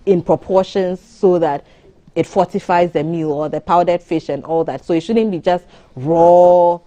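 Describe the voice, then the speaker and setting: A woman, a doctor giving measured advice on a morning TV show. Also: lowish voice, warm tone. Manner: explanatory, measured, advisory. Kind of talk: studio interview on a morning TV show.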